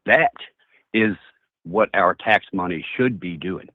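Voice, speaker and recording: A man's voice: sits low, takes it slowly, no echo. A man calling in, talking in a folksy, emphatic way and repeating himself. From Tennessee, USA. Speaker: caller. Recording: dry tinny phone line.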